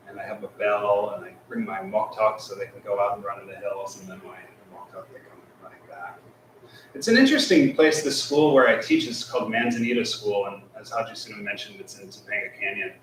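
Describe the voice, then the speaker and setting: A man who teaches school, talking casually at a temple service, halting with many fillers and soft laughs. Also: fairly low pitch, slight background noise. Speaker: guest speaker, schoolteacher. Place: temple hall. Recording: echoey hall, mic from far off.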